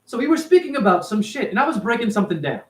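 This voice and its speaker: Animated, high-voiced man streaming to viewers. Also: very fast. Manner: animated, profane, addresses viewers by name. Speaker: livestream host reading chat. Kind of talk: casual livestream monologue.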